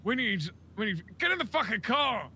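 A man playing a foul-mouthed, rowdy character in a role-play game, speaking slowly and drawn-out. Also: extremely high pitch, very animated, bright, forceful tone, slight background noise, heavily acted. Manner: slow, drawn-out, cursing.

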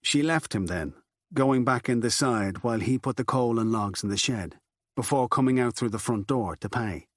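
A man narrating a literary novel in a steady, measured audiobook reading. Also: mid-range voice, no room sound, studio quality. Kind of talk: scripted narration.

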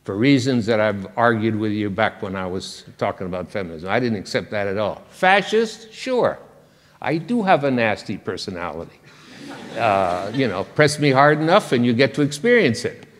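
A man's voice: lowish voice, expressive, fairly quick. An older man giving a public lecture, wry and conversational, with a self-deprecating humor. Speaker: guest lecturer. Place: large lecture hall. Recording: reverberant lecture hall.

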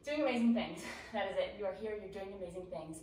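A woman's voice: mid-range voice, fast talker, a little mellow, distant mic. A woman coaching a home workout, out of breath, encouraging and counting down reps. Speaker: fitness instructor. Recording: echoey room, voice from off the mic.

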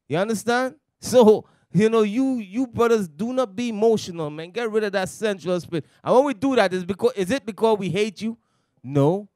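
Exhorting preacher man, fairly high voice. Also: a little fast, darkish tone, dry recording, studio quality. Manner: exhorting, repeats "you understand?". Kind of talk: preaching to a men's gathering.

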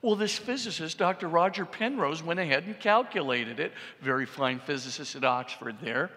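A middle-aged man, a priest, giving an animated public lecture and often checking with the audience. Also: a little high, moderate pace. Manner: animated, repeats for emphasis, asks the audience "right?". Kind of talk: public lecture on science and faith. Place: large church. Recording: long reverb in a church hall.

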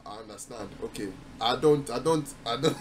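A man's voice: mid-range voice, moderate pace, slight background noise. A young man from New York, a livestreamer teasing strangers on a video chat app with mocking, playful jabs. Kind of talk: prank video chat banter.

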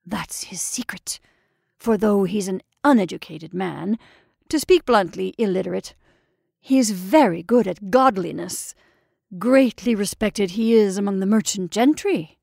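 A sly, self-satisfied male waiter, put on by a woman storyteller, leaning close with a drawling, conspiratorial murmur that slips into whispers. The voice sits higher and louder than her narration, with a gravelly edge and a dry, close sound in a storybook reading. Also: unhurried, no echo. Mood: whispering. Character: sly, wheedling male inn waiter, secretive.

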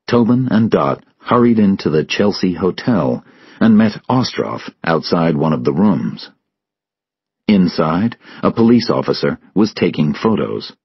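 A man narrating a story for English learners in a measured, clear way. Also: very deep voice, no room sound, lo-fi sound. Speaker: audiobook narrator.

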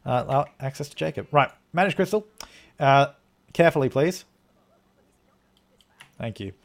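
A man's voice: a little high, expressive, moderate pace. Man rambling through live game commentary. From Australia. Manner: rambling, thinking aloud while playing; thanks viewers for donations. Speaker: game streamer.

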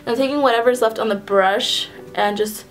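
A woman's voice: a little high, moderate pace, low-quality recording. A young woman talking through a casual makeup tutorial in a chatty way, often stopping to correct herself mid-phrase. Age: young adult. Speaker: beauty vlogger.

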